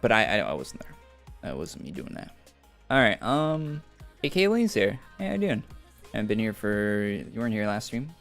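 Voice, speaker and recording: A man's voice: on the low side, big pitch swings, normal speed, vocal fry, fairly bright tone. A young man streaming a game, rambling through school stories in casual chat. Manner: rambling storytelling with laughs. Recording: faint music behind.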